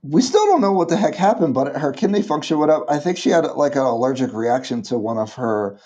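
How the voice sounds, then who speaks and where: A man in his thirties from the United States, chatting casually on a livestream and rambling with halting restarts. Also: on the high side, sing-song, a little mellow. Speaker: livestream vlogger.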